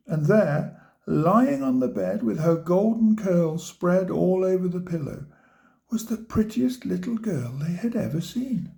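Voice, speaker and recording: A man reading a children's storybook aloud, gently pointing out the pictures to his listeners. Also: a little high, animated, a little slow, creaky. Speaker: storybook reader.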